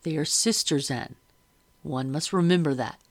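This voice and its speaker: A woman's voice: moderate pace, dry recording. A woman voicing a grave middle-aged man, master of the house. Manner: grave, booming.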